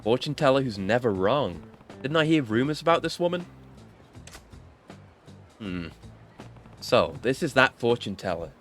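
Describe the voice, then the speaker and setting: A man's voice: medium pitch, big pitch swings, a little slow, long pauses, faint music behind. A man voicing a stoic, tough hero with a blunt, dry delivery. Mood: deadpan.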